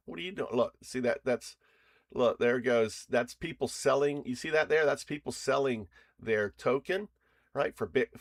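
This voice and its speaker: A man's voice: on the low side, vocal fry, no room sound, clean studio sound. Rambling man demoing on screen. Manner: loose and rambling, with restarts and chuckles. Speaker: founder presenting his own startup framework. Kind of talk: casual screen-share demo walkthrough.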